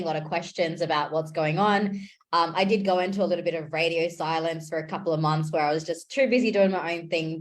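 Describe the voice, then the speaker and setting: A woman in her thirties giving a casual, chatty life update to camera, enthusiastic and often restarting her sentences. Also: low-pitched. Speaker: vlogger and interviewer.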